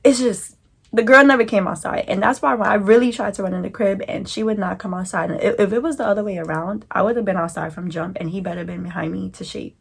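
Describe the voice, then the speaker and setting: Gravelly New woman telling a story. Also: mid-range voice, fast talker, few pauses. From New York. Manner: animated, slangy storytelling. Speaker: vlogger. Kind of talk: storytime vlog.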